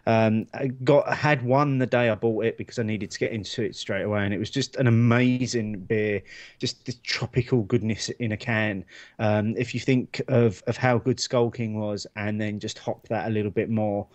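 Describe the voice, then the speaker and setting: A man's voice: on the low side, fairly even intonation, moderate pace. A man co-hosting a beer podcast, chatty and self-deprecating as he tells his stories. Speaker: podcast co-host. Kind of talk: casual chat.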